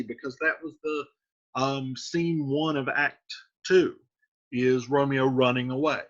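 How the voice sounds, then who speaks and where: A man explaining a play in a relaxed, chatty classroom manner, with frequent fillers. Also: medium pitch, takes it slowly. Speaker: teacher. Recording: dull lo-fi recording.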